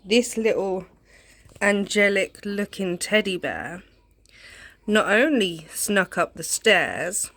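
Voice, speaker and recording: A woman's voice: fairly low pitch, fairly bright tone. Rambling woman vlogging at home. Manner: rambling, chatty, many ums. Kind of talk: casual home vlog chat. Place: home, indoors.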